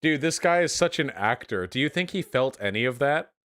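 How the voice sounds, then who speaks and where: A man's voice: medium pitch, animated, fairly quick, a bit bright. A man casually reacting to clips on a stream, offhand and sarcastic, full of "dude" and "like.". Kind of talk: casual commentary.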